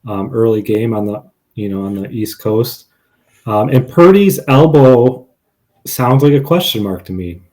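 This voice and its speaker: A man co-hosting a casual sports betting podcast. He sounds sure of his picks, lists stats, and drops wry asides. His voice is mid-pitched. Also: measured pace, darkish tone. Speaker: podcast co-host.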